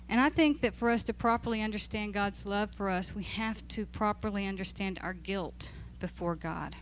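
A woman leads a Bible study for a group, teaching from scripture in an easy, informal way. Her mid-range voice moves at a moderate pace with few pauses. She sounds amused throughout and laughs as she reads aloud.

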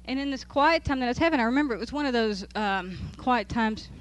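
A woman's voice: on the high side, animated, fast, clean tone. A woman leads a Bible study in an easy, conversational voice. She teaches from scripture to a group and talks informally. Her amusement comes through often, with laughter as she reads. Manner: conversational, amused, laughs while reading aloud. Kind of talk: church talk to a group.

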